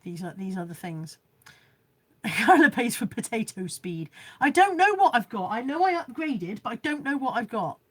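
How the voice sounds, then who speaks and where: A woman's voice: on the high side, big pitch swings, normal speed, fairly bright tone. A woman vlogging live from home, reading out viewer comments in a rambling, chatty way and joking about how little she knows about technology.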